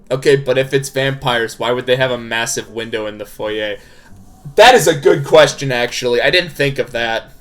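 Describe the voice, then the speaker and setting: A man streaming a game, chatting casually, joking, swearing freely and reacting loudly to what happens on screen. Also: medium pitch, lively intonation, normal speed. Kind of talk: casual gaming commentary.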